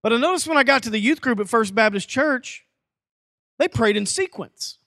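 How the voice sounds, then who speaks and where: Man, pastor, sermon, lively folksy delivery, high voice, dry close sound. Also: normal speed, no room sound. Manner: lively preacher, folksy asides and acted quotes.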